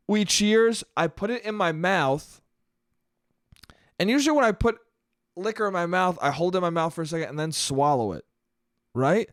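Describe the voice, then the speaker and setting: A man hosts a solo podcast and tells a comic story with plenty of swearing. His voice sits a little high, and he is quick to make fun of himself. The recording is dry and close, with no room echo. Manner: profane, animated, self-mocking. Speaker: podcast host. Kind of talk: solo comedic storytelling monologue.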